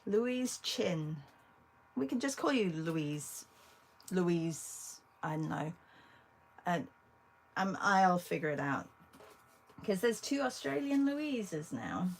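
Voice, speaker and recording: Host: chatty woman art teacher, unhurried delivery, a bit of vocal fry, talks to viewers while she draws. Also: lowish voice, sing-song, low-quality recording. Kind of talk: casual livestream drawing demo.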